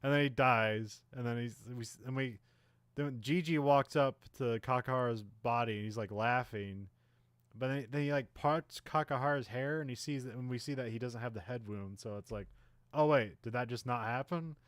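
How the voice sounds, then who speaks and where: A man co-hosting a casual podcast, recapping a film in a rambling way, full of "like" and "uh", and briefly acting out the characters' lines. His voice sits at a middling pitch, recorded dry and close with no room sound. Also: moderate pace, fairly bright tone, no echo. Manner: rambling, many fillers, acts out characters' lines. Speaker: podcast co-host. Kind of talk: casual movie recap chat.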